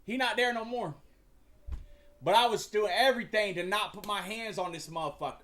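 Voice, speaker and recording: Young man, livestream host, high voice, casual slangy rambling, lots of swearing. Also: a little fast, fairly bright tone. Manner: profane, slangy, rambling with stumbles.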